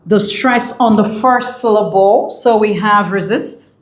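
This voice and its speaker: A woman's voice: medium pitch, measured pace, reverberant. A woman teaching English for an exam, enthusiastic and repeating key phrases while asking the viewer questions. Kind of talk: exam prep lesson.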